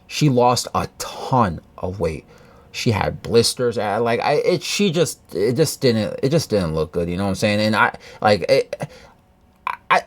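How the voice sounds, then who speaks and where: A man telling a personal story to camera in a halting, earnest way, with many restarts and fillers. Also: on the low side. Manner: earnest, confiding. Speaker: vlogger.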